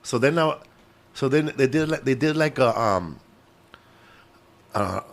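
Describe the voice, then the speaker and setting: A man's voice: medium pitch, animated, a little slow. A man, a comedian guest, chatting casually and rambling with many fillers and restarts. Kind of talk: casual chat.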